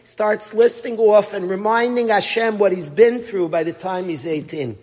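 A middle-aged man, a rabbi who teaches at a yeshiva, telling a story in a sermon, emphatic and full of rhetorical questions, swinging from loud to hushed. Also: sits high, measured pace, few pauses, long reverb tail.

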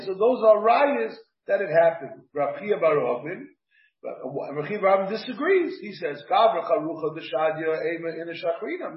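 High-voiced rabbi in an echoey room. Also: male voice. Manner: reads text aloud and explains it phrase by phrase. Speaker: rabbi teaching Talmud. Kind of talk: Talmud class. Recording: dull, echoey room from a distant mic.

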